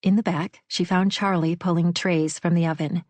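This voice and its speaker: A woman reads a romantic novel aloud in a measured storytelling voice. Her pitch sits on the low side for a woman. The recording is dry and close, with no room sound at all. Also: steady tone, darkish tone, no room sound. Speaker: audiobook narrator. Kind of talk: scripted narration.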